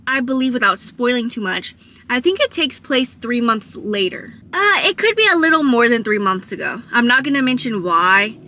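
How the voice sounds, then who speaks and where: A woman's voice: a little high, lively intonation, a little fast, bright, forceful tone. A woman chatting casually about books on her vlog, emotional and talking straight to her viewers. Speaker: book vlogger. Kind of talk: casual book review chat.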